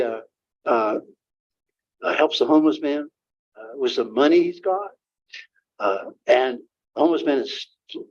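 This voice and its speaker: An older man, a guest author, talking informally to an audience and taking questions, halting with many fillers and restarts. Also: on the high side, darkish tone. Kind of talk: informal talk and Q&A. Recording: dull lo-fi room recording.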